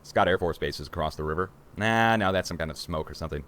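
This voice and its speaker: A man in his forties hosting a rambling livestream from a room at home, excitable and conspiratorial, talking to viewers as guys. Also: low-pitched, fast. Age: 40s. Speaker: livestream host.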